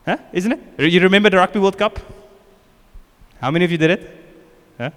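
A man's voice: high-pitched, fairly quick, a bit bright. A man with a South African accent preaching a casual, joking sermon as pastor, often acting out what people say. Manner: informal, joking, acts out quotes. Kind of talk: conversational sermon. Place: church hall. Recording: long church reverb.

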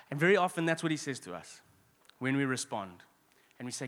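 A man preaching a sermon as pastor, conversational with quick asides and restarts. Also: mid-range voice, lively intonation, a bit bright, long reverb tail.

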